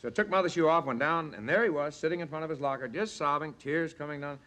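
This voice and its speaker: A man's voice: on the high side, quick pace, a bit bright. Brief: man guest telling baseball stories. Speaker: talk show guest. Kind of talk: anecdote-telling chat. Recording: 1963 studio show, audience behind.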